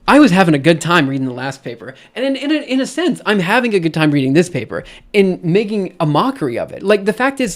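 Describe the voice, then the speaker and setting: A man's voice: high voice, very animated, fast talker, few pauses. A man streaming, reading a research paper aloud and ranting about it in an exasperated voice that keeps repeating and restarting itself. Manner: exasperated, repetitive, restarts often. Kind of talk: casual ranting commentary.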